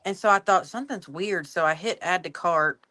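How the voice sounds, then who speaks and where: A woman's voice: fairly low pitch, fairly even intonation, fairly quick, bright, forceful tone. A woman on a livestream panel, chatting casually and laughing often. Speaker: panel guest.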